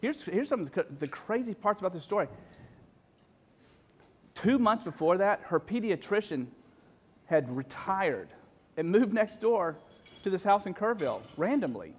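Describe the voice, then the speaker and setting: Man in his forties, raised-register voice, telling an emotional personal story with halting restarts. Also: high-pitched, sing-song, slightly rough.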